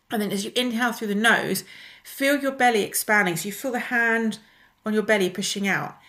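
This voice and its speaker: A woman teaching a wellness lesson, calmly and gently guiding the listener through breathing exercises. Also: medium pitch. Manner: calm, gently instructive, slows down to guide exercises.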